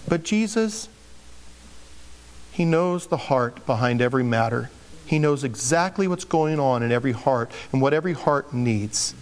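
A man's voice: medium pitch, animated, unhurried. A man preaching a sermon as a pastor, conversational and joking, explaining scripture with everyday asides.

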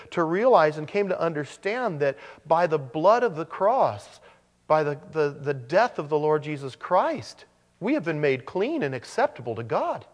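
A man preaching a sermon, animated, with joking asides and frequent restarts. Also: fairly high pitch, big-room sound. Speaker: pastor.

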